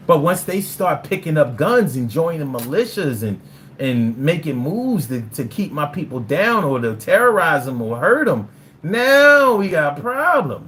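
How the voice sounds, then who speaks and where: A man streaming live, talking casually and answering his chat in a blunt, profane way. His voice sits fairly high for a man and swings widely in pitch, so his talk sounds lively and animated. A faint noise hums underneath. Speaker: livestreamer reading viewer chat.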